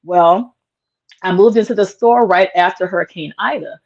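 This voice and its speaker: A woman's voice: medium pitch, normal speed, darkish tone. A woman guest in an interview, telling a personal story in an earnest, emotional way, with lots of "like" fillers. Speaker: interview guest, small business owner. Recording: dull lo-fi sound.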